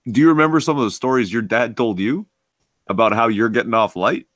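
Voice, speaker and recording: A man's voice: mid-range voice, animated, fairly quick, fairly bright tone, no echo, studio quality. A man chatting on a casual podcast in a laid-back, matter-of-fact way. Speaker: podcast co-host. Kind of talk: casual chat.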